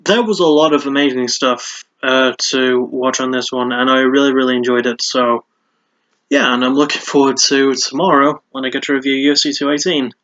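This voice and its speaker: A man's voice: mid-range voice, steady tone, normal speed, fairly bright tone, lo-fi sound. A man hosting a casual solo fight review, chatty and prone to repeating words and restarting sentences.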